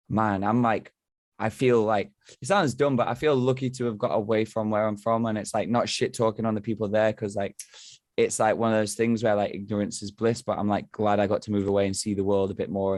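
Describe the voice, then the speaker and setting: This band member from England has a fairly low, slightly mellow voice, captured dry and at studio quality. As a podcast guest in casual conversation, he tells rambling stories and doesn't hold back on the swearing.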